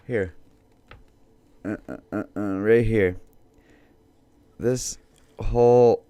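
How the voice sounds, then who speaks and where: A man's voice: mid-range voice, slow, long pauses, dark tone, clear, resonant tone. A man hosting a podcast, telling a casual story in a rambling, profane way that repeats itself, recorded at home. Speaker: podcast host.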